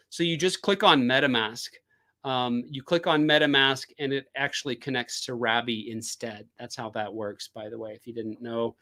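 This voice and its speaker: A man hosts a casual live stream, chatting at a middle pitch. He rambles and fills pauses with lots of fillers and restarts. He talks into a desk microphone. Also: sharp tone. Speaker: crypto live stream host.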